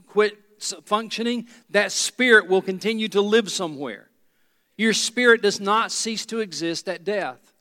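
A man's voice: high-pitched, fairly bright tone, in a large hall. A pastor preaching a sermon, a man who drives points home by repeating key phrases.

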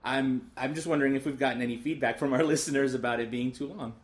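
A man's voice: medium pitch, fairly even intonation, quick pace. A man co-hosting a podcast in casual chat, teasing his partner with dry humor. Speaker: podcast co-host.

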